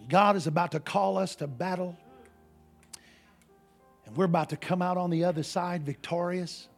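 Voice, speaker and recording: A man preaching a sermon to a congregation, animated and full of rhetorical questions, in casual everyday speech. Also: high voice, moderate pace, creaky, soft background music. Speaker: pastor.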